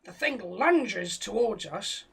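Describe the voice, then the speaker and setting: British comic storyteller, man with a high, gravelly voice, swears freely, tells absurd tales dead straight. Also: lively intonation, takes it slowly, fairly bright tone. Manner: profane, rambling tall tale told straight. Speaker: comedian telling a story. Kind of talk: comic storytelling on a live stream.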